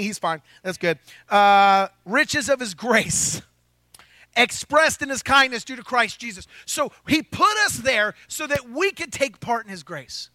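Preaching to his congregation in a church hall, a pastor jokes and speaks casually, regularly asking the crowd "right?" His voice is extremely high, pushed and bright, captured with studio quality and no echo.

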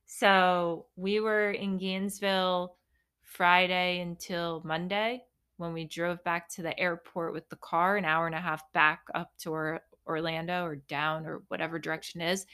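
A young adult woman hosting a solo podcast, telling a story in a chatty, animated way with playful self-mockery. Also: lowish voice, normal speed, clean tone. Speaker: podcast host. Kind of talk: casual solo podcast monologue.

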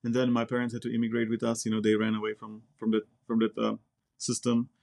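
A man's voice: fairly low pitch, completely flat delivery, quick pace, creaky, darkish tone. Blunt man. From Czech Republic. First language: Czech. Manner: blunt, direct, repeats words. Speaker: guest, Air Force member. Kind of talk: casual interview chat.

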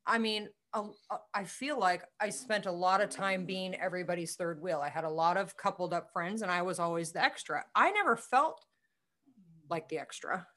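Bright-voiced woman swearing through casual stories. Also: on the low side, moderate pace. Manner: candid, profane storytelling with quoted voices. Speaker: podcast co-host. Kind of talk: casual chat.

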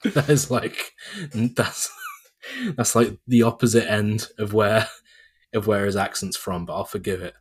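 A man's voice: lowish voice, steady tone, a little slow, slightly rough. A British man chatting as a podcast guest late at night, tired and laughing often with wry asides. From Britain. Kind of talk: casual podcast chat.

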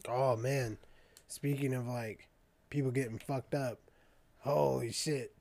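A man's voice: medium pitch, takes it slowly, gravelly. Profane young man telling a story. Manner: profane, animated storytelling with quoted dialogue. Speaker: storyteller in a casual podcast chat. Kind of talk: casual chat.

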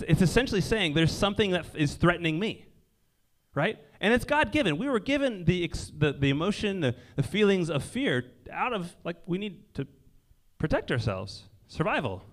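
A man giving a casual sermon in a conversational way, often checking in with "right?" and dropping his voice low and quiet for emphasis. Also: big pitch swings, moderate pace. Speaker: preacher. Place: indoor gathering near a lake.

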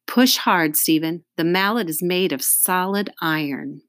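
A woman's voice: lowish voice, unhurried, dry recording, studio quality. A woman reading as a kindly, coaxing yard teacher. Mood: encouraging. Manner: gently earnest, coaxing. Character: friendly adult male yard teacher, encouraging.

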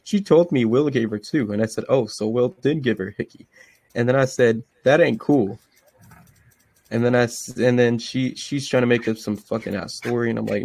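A man's voice: mid-range voice, creaky, darkish tone. A young man hosting a casual podcast, reading text messages aloud, swearing often and restarting his sentences. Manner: swearing, stops and restarts himself. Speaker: podcast host.

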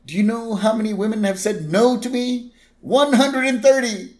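A man's voice: very high-pitched, moderate pace, voice pushed up. A man voicing a scheming elderly male billionaire boss, gushing in a reedy old-man voice. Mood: giddy.

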